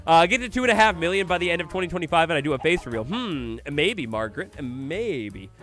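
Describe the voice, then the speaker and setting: Guy streaming a game, kinda high voice, chatty, reads chat out loud and answers. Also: rapid-fire, faint music behind. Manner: chatty, answers viewer comments aloud. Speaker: gaming streamer. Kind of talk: casual livestream chat.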